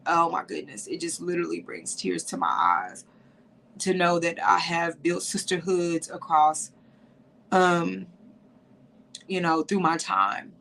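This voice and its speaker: With a lowish, slightly bright voice touched by vocal fry, a female podcast host talks emotionally to women on a livestream. She's crying and sniffling, and "y'all" comes up again and again.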